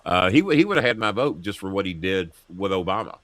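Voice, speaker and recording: Animated profane talk-show host. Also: male voice, deep voice, fast, no room sound. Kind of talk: casual political chat. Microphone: earpiece headset.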